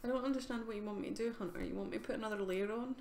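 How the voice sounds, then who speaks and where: A woman's voice: a little high, very fast, darkish tone. A woman streaming live as an artist, chatting casually with viewers, giggling and filling with ums. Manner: chatty, giggly, answers chat questions with fillers. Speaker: art streamer. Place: home art studio. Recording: roomy home recording with faint ambience.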